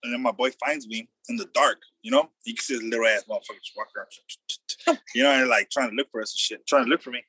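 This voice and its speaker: A young man telling a wild story in loose, slangy casual chat, acting out the quotes loudly. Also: mid-range voice, animated, fast, husky, dry recording.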